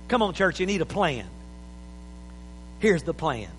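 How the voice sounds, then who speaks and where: A man preaching an impassioned sermon in a church, building to shouts. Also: high voice, sing-song, unhurried, long reverb tail, a little hiss or hum, low-quality recording.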